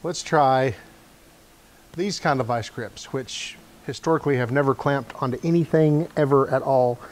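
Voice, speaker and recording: A channel host with a mid-range voice casually narrates at normal speed while repairing a motor scooter in his garage. He thinks aloud as he works, adding wry, self-deprecating asides.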